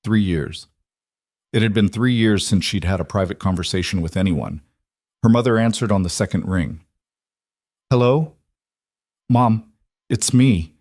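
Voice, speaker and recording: A man with a low voice narrates a scripted story in an even, measured way. The sound is dry and close, with no room around it. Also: no room sound.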